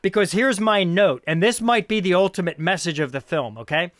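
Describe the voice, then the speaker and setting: Chatty high-voiced man, dry mic. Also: a little fast, a bit bright, no echo. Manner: rambling, laughs often, thinks aloud. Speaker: podcast host. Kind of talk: casual film discussion.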